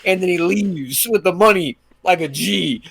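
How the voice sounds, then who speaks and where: A man's voice: high-pitched, moderate pace, creaky, fairly bright tone. A young man in casual chat on a voice call, rambling crudely and acting out scenes in silly voices. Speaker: podcast co-host. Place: home, on a call.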